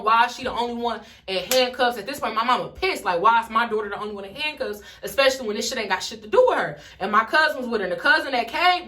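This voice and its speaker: A young woman from Detroit telling a story in a casual vlog, swearing freely and acting out everyone's lines. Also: fairly high pitch. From Detroit, USA. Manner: animated, swears freely, acts out the dialogue. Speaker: vlogger.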